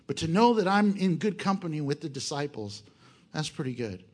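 Animated high-voiced male pastor preaching. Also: fairly quick. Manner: animated and joking, full of rhetorical questions. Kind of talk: sermon.

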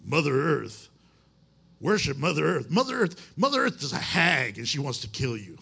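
A man doing an impression of a gruff, blunt male preacher mocking earth worship. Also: a little high, big pitch swings, normal speed, sharp tone, voice pushed down, full character voice.

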